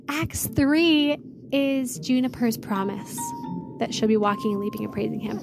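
Woman faith podcast host, slightly high voice, eager casual chat and prayer, music bed. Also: moderate pace, creaky. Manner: excited, gushing, addresses listeners as "you guys".

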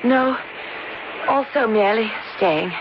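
A woman's voice: on the high side, takes it slowly. An actress playing a delicate, melancholy young woman who speaks wistfully and fragilely, in a muffled old radio recording with hiss. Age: young adult. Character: delicate, pale, melancholy young lady in mourning. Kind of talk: 1940s radio acting.

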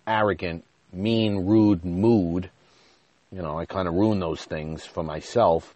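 A man with a deep, low voice tells a long story on his podcast, rambling and poking fun at himself. He says "you know" constantly, and his voice shoots up and gets loud whenever he acts out an argument. The sound is close and dry, with no room echo. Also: steady tone, slow pace. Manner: rambling, self-deprecating, heavy on "you know"; gets loud and high when retelling arguments. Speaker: podcast host. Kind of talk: casual storytelling monologue. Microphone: podcast mic.

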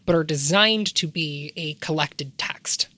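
A woman's voice: sits low, measured pace, fairly bright tone. A woman talking through an idea in an academic way, asking rhetorical questions as she explains. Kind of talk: casual analytical discussion.

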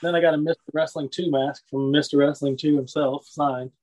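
A man rambles casually through wrestling memories, laughing often and saying "you know what I mean." His voice is a little high, steady and darkish, and fairly quick, on a low-quality recording.

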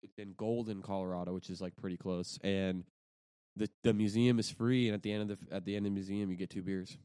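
A man's voice: low voice, fairly even intonation, fast, dark tone, clear, resonant tone, no echo. A young man chatting casually on a podcast, telling long rambling stories with restarts and swearing. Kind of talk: casual chat.

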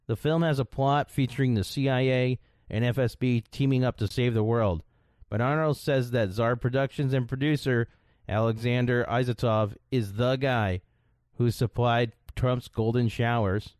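A man's voice: mid-range voice, dry recording. Dry-sounding male host reading a script. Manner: smooth, even scripted delivery. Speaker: show host. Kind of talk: scripted read with sponsor message.

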